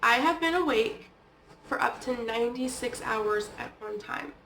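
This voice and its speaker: A woman's voice: on the high side, normal speed, vocal fry, fairly bright tone, a little hiss or hum. A woman vlogger telling personal stories in a casual, chatty way, often dropping "like" and "okay?". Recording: echoey room, distant from the mic.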